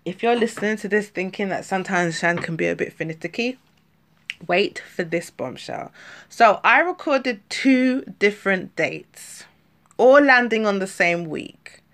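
Hosting her own podcast alone, a woman from London chats and meanders, often using fillers and correcting herself. She has a London accent, a slight lisp, and a mid-range voice that's animated, unhurried and a bit bright.

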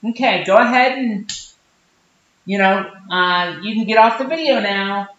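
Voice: mid-range voice, unhurried, fairly bright tone, reverberant, lo-fi sound, close to an everyday voice. Someone playing a smug, patronizing podcast producer. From Portland, Oregon. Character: condescending big-city podcast producer from Portland.

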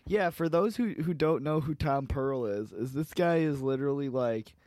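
A man co-hosts a podcast, trading crude, casual banter, joking and laughing often and using many fillers. His mid-range voice is darkish, at normal speed, recorded dry with studio quality.

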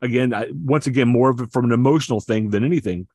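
A man's voice: mid-range voice, fast, a little mellow, dry recording. A man co-hosting a podcast, chatting about sports with enthusiasm and explaining at length, often stammering through restarts. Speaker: podcast co-host. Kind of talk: casual sports chat.

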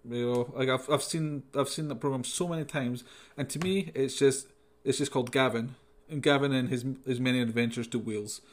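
A man's voice: mid-range voice, steady tone, a little fast, slight background noise. A man hosting a podcast, ranting sarcastically in a rambling comic monologue full of fillers. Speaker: podcast host.

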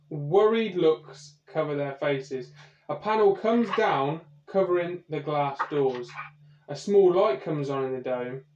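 Brief: male game master for a comedy podcast, slow deliberate narration, dull echoey recording. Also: on the high side, darkish tone, a little hiss or hum.

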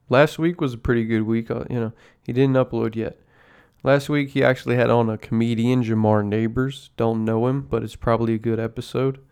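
A podcast host at home with his coffee speaks in a smooth, medium-pitched voice with a slightly mellow quality. His chat is loose and rambling, and he swears constantly.

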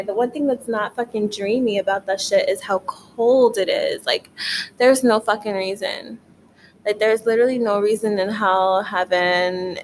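Poor audio with a little hiss or hum captures a young woman's medium-pitched voice in a casual late-night vlog from her bedroom. Worn out but buzzing, she talks on and on, swearing freely and scattering "like" everywhere.

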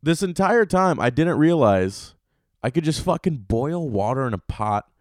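A man's voice: on the high side, very animated, measured pace, no echo, clean studio sound. A young man hosting a comedy podcast solo, ranting and telling stories in a loose, profane, rambling way. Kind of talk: casual solo podcast rant.

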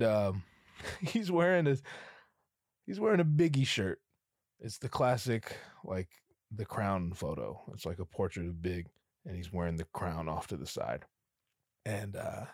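A man with a low voice hosts a podcast on his own, telling stories in a rambling, profane, animated way as a casual monologue. The recording is clean studio sound with no echo.

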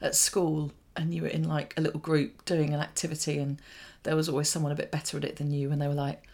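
A woman's voice: low-pitched, little pitch movement, quick pace, a little mellow. A woman, co-hosting a podcast in rambling, giggly casual chat. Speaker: podcast co-host. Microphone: studio microphone.

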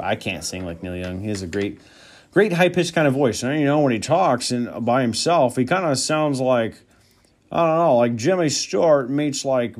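A man's voice: mid-range voice, animated, moderate pace. A man hosting a solo podcast, rambling and thinking aloud in a casual, profane way. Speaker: podcast host.

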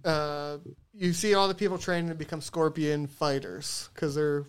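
A man's voice: on the high side, fairly even intonation, normal speed, clean tone. A man on a podcast casually recapping a movie with rambling asides, frequent swearing and laughter. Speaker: podcast co-host.

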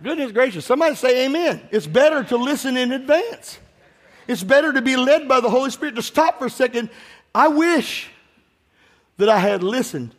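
A man preaches in a high, bright register, exhorting his congregation and calling for them to answer him. He moves between scripture and personal stories. His voice carries a long reverb from the large church sanctuary. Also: expressive, moderate pace. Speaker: pastor. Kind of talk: sermon.

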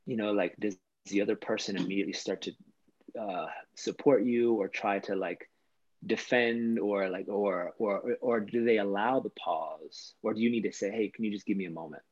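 A man's voice: fairly low pitch, moderate pace, a little mellow, no echo, dull audio. A man speaking as a podcast guest, earnest and spiritual in his talk, now and then swearing. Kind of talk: casual conversation.

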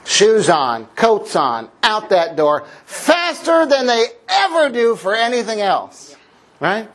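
A man, a father of four, preaching a lively sermon with a playful, joking storytelling manner. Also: high voice, normal speed, slight background noise. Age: adult parent. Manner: playful, jokey storytelling with laughs. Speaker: pastor. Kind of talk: sermon object lesson.

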